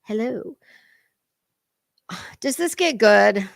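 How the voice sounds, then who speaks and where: A woman's voice: on the high side, expressive, extremely slow, creaky, no room sound, clean studio sound. A woman hosting a reaction livestream, mocking a clip with sarcastic, profane jabs and greeting her chat. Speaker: commentary livestream host.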